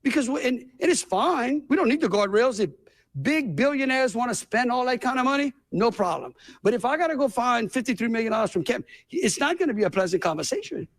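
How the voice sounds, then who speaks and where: A man's voice: very high-pitched, animated, a little fast. A man with a Louisiana accent, a state governor giving emphatic, rambling, folksy press conference remarks.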